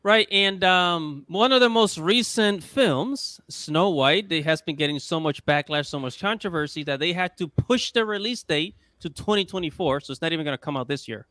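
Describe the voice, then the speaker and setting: A man hosts a casual podcast chat, his voice high-pitched and lively with a bright edge. He talks in halting bursts full of fillers. The sound is dry and close. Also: no echo. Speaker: podcast host.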